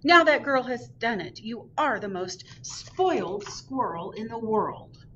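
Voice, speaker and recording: A woman voicing a fussy mother squirrel who scolds her son in a high, sharp voice. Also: little pitch movement, normal speed, muffled recording, a little hiss or hum, close to an everyday voice. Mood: scolding. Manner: scolding, shrill.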